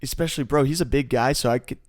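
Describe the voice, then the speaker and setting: A young man spins a long, rambling story in podcast chat. He leans on slang and filler, and the mid-pitched voice sounds dry and close, with no room around it. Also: fast talker, dry recording. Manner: rambling, slangy, says "bro" and "like" a lot. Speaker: podcast co-host, wrestler.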